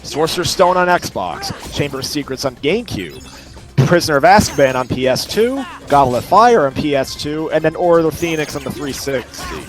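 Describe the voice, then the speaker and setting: A man hosting a let's play, talking casually over his gameplay. His voice sits somewhat high, and he rambles, piling up detail after detail in long lists. Faint music plays underneath. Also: sing-song, brisk.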